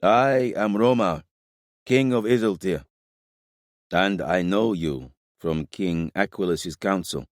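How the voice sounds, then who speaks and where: A stern warrior king, as an audiobook narrator puts him on, giving orders with a low growl. His deep voice is measured and authoritative. The sound is dry and close. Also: no echo. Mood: commanding. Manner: growling, commanding. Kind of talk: audiobook character voice.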